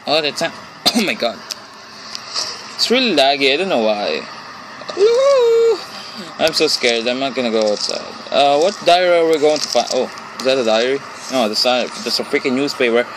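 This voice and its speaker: A man's voice: medium pitch, animated, brisk, noisy background. A man commenting on a horror game he plays alone in his room, jumpy and nervous, repeating himself and exclaiming. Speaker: let's play gamer.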